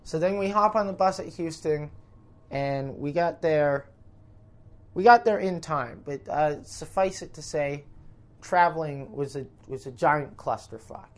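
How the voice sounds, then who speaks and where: A man's voice: on the high side, measured pace. A Canadian comedian rambles through a travel mishap story, swearing freely and stopping himself mid-sentence. He talks in a loose, conversational way, as if chatting with friends. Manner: rambling, profane, self-interrupting. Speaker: comedian telling a road story. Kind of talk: casual storytelling podcast.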